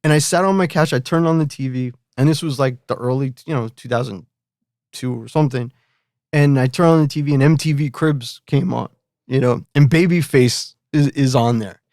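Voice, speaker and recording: A man's voice: medium pitch, moderate pace, a little mellow, dry recording, studio quality. A middle-aged man, a guest musician, casually telling a story, rambling with lots of fillers and restarts.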